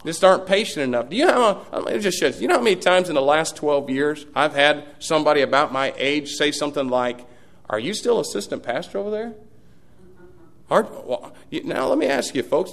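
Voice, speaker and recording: A middle-aged man preaching a sermon as pastor, folksy, swinging from loud peaks to hushed asides. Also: on the high side, a little fast, creaky.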